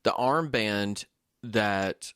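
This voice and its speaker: A man with a lowish voice and a dry, close sound talks casually about a movie. He is thoughtful and restarts as he searches for the right words. It is a home mic on a video call. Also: extremely slow, a bit bright, smooth, no room sound. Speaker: podcast co-host.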